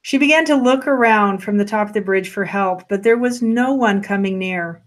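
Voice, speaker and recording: A woman narrating a story in a gentle, unhurried way. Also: medium pitch.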